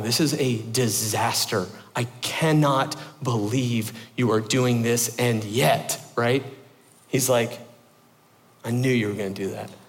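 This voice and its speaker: A male pastor preaching a sermon in a casual, conversational way, often using fillers and restarting his sentences. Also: medium pitch. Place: church sanctuary. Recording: long reverb in a church hall.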